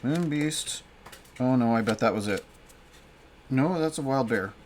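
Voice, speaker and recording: A man's voice: medium pitch, darkish tone, slight background noise. A man casually playing a solo card game and reading its story aloud, with lots of fillers and restarts. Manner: halting, many fillers and restarts. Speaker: solo game player and narrator. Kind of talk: casual play-through narration.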